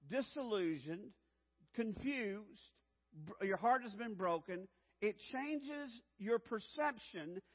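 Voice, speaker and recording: A male pastor with a high, bright-toned voice delivers an emphatic sermon, repeating his key phrases and calling for responses from the congregation. His voice rings through a long church-hall reverb, and the sound is slightly dull and muffled.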